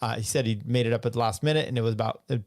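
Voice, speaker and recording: A man's voice: mid-range voice, fairly even intonation, rapid-fire, no room sound, clean studio sound. A man hosting a podcast, commenting casually and rambling between clips. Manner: loose, rambling, many uh fillers. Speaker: podcast host.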